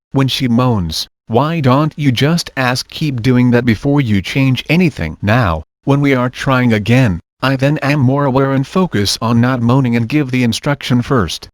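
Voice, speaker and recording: A man narrating online forum posts aloud in a steady, even reading delivery. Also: mid-range voice, no room sound, clean studio sound.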